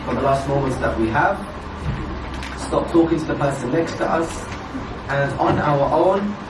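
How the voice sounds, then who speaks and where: High-voiced man preaching in an echoey hall. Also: moderate pace. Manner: earnest, addressing the audience directly with questions. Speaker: majlis speaker. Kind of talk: religious storytelling sermon. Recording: echoey distant mic with background noise.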